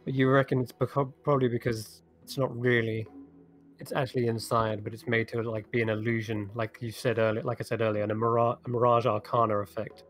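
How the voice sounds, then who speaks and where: A man's voice: medium pitch, little pitch movement, fairly quick, soft background music. A man running a tabletop game as game master, describing the scene in a loose, descriptive way.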